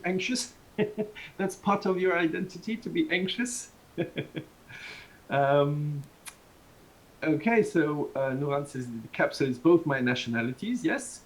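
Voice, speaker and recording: A man's voice: fairly high pitch, rough recording. A man from Southern France with a Southern French accent, giving an online university lecture in a rambling, restarting way with small chuckles. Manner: rambling, many restarts, chuckles between points. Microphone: video call.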